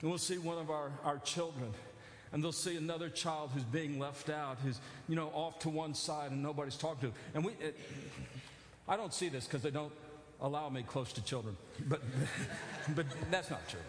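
A man preaching a sermon as pastor, animated, building to near-shouted emphasis with joking asides. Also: a little high, normal speed, slight background noise. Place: church sanctuary. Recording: echoey church hall.

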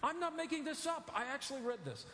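Man, pastor, relaxed rambling sermon, fairly high voice, long church reverb. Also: quick pace, slight background noise. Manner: conversational, rambling with fillers and self-corrections. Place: church sanctuary. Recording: echoey church hall.

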